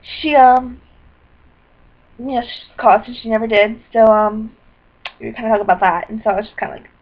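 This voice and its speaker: A fairly high-voiced woman rambles through a personal video diary at her computer. She keeps apologizing and jumps between topics, sometimes breaking into excited bursts. The sound is dull and lo-fi, like a built-in webcam mic. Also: a little fast. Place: indoors at a computer.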